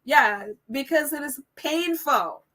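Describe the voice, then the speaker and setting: A woman with a high, bright voice hosts a casual live chat. She reads viewer comments aloud, laughs easily, and keeps stopping to correct herself and apologize. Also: animated, slow pace. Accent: non-American accent. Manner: chatty, laughs often, apologetic and self-correcting. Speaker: live stream host reading viewer comments.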